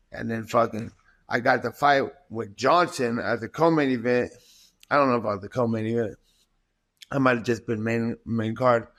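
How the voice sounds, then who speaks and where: A man in his thirties, a fighter guest, telling stories in a profane and animated way in a casual interview. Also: medium pitch, no echo.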